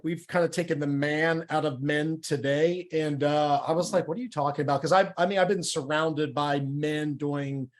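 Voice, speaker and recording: A middle-aged man with a fairly high voice tells his testimony in a church interview. He talks candidly and with feeling, tripping over words and starting sentences again. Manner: candid, emotional, stumbles and repeats words. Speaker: guest sharing his testimony.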